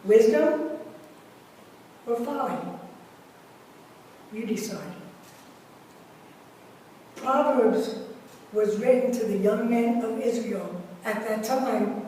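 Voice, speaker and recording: Woman preacher, fairly high voice, unhurried sermon, distant mic in a reverberant sanctuary. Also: dark tone. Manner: slow, deliberate delivery with measured pauses. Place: church sanctuary. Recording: echoey church hall from far off, faint hiss.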